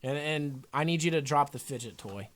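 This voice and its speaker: A man's voice: on the high side, animated, moderate pace, a bit bright, slight background noise. A young adult man coaching a trader live, talking bluntly and emphatically with frequent swearing. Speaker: trading coach.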